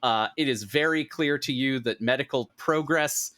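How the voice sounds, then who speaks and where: A man's voice: mid-range voice, normal speed, fairly bright tone. A man narrating as game master of a tabletop role-playing game, with small hesitations.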